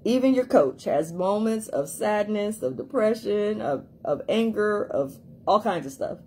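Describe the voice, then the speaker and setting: A woman's voice: medium pitch, animated, a little slow, darkish tone, slightly rough. A woman life coach giving an emphatic motivational talk, repeating herself for emphasis and acting out quoted voices.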